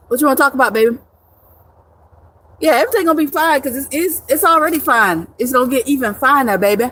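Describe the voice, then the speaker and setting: A woman's voice: sits high, moderate pace, a bit bright. A young woman live streaming in casual chat, reading viewer comments with brash, profane joking and frequent laughter.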